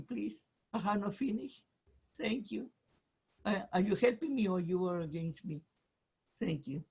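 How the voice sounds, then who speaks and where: A man, a rabbi, giving an informal Torah lesson, emphatic and animated, in broken English with many restarts and asides. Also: sits high, husky. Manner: jokes and talks aside to someone off mic. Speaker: rabbi teaching the weekly Torah portion.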